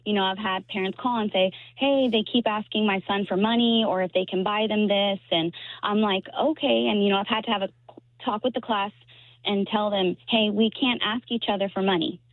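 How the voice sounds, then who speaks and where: A woman's voice: mid-range voice, fairly even intonation, no echo. Teacher woman calling in over a tinny phone. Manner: earnest, a little halting. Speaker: third grade teacher, caller. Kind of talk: casual phone call on radio. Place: parked car at school.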